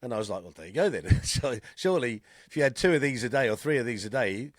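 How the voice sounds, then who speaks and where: An English man co-hosting a casual podcast, chatting with an easy, mid-pitched voice and laughing often. He swears freely and tells stories in a loose, conversational way. His voice sounds close and dry, with no room around it. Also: fast talker, no room sound. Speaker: podcast co-host. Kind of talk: casual chat.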